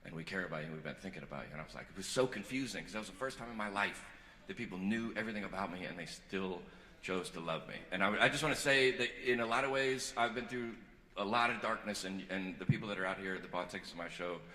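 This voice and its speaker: Fast-talking man doing stand-up in an echoey hall. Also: fairly low pitch. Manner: shifts between quiet earnest confession and loud joking crowd work. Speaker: stand-up comedian. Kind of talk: stand-up set. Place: live comedy stage. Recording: echoey venue with loud audience ambience.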